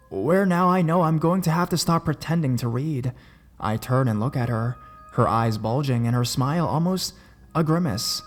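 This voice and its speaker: Man, horror story narrator, measured and deliberate, mid-pitched voice, faint music behind.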